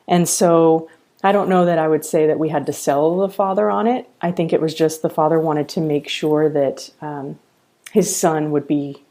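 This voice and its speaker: A middle-aged woman, a college founder, telling earnest stories in a podcast interview. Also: sits low. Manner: earnest, animated storyteller.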